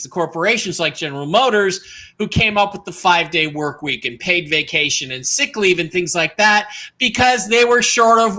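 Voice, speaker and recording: A man's voice: a little high, bright, forceful tone. A man hosting a talk show, profane and sarcastic in an emphatic casual way. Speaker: host.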